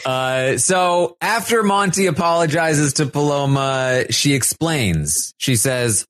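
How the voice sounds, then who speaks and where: A man co-hosting a podcast, casually recapping events and acting out what people said in animated voices. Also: takes it slowly, few pauses, no room sound, clean studio sound. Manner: animated, acts out quotes in high put-on voices. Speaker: podcast co-host.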